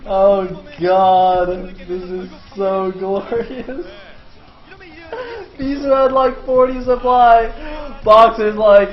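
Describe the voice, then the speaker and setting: A man casting a video game match live, excitable and swearing freely, breaking into laughing shouts. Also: sits high, drawn-out words. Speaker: esports caster. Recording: echoey room, dull lo-fi sound.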